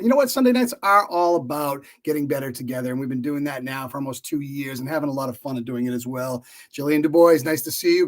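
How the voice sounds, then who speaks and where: A middle-aged man co-hosting a live podcast, friendly and chatty, with frequent fillers. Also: on the high side. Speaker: podcast co-host. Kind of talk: casual live-stream chat.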